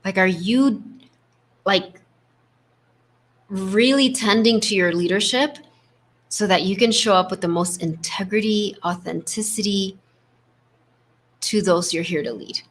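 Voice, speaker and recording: A woman hosting a spiritual leadership coaching talk, speaking in a gentle, affirming way with a constant "right?" tag and acting out inner voices. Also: mid-range voice, unhurried, long pauses. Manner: acts out inner voices with shifts in tone.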